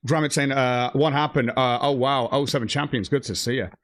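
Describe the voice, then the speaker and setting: A man's voice: medium pitch, fairly even intonation, brisk, no echo, studio quality. A man ranting angrily on his livestream, swearing heavily and reading out chat messages. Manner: profane, heated, reads chat aloud. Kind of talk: angry stream rant.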